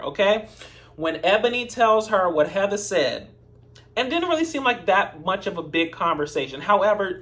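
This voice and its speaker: A man's voice: high voice, a bit bright. Chatty man reviewing a TV episode. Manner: chatty, sassy asides to viewers. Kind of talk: casual recap commentary.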